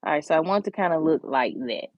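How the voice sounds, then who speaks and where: A nail tutorial host with a deep, low voice walks viewers through a nail art design in easy, encouraging step-by-step chat, speaking straight to the audience and dropping into soft whispers for the detailed parts. She's expressive and fast, and the sound is dull, slightly lo-fi, dry and close.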